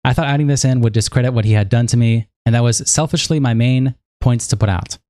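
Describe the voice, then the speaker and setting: A young man on a livestream, reading messages aloud in a casual, halting way and stopping to react. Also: medium pitch, dry recording. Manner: casual, halting, reads flatly and breaks off to react. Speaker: streamer.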